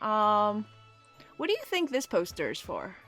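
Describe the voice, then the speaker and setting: A woman's voice: mid-range voice, wildly swooping pitch, measured pace, a bit bright, faint music behind. A woman casually chatting while playing a video game, often laughing and reading the game's lines aloud. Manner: giggly, reads game text aloud. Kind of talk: casual let's-play chat.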